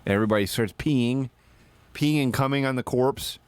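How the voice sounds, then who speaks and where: A man streaming live, telling rambling, profane stories in casual chat and now and then bursting into shouted put-on voices. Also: mid-range voice, moderate pace, smooth, no echo.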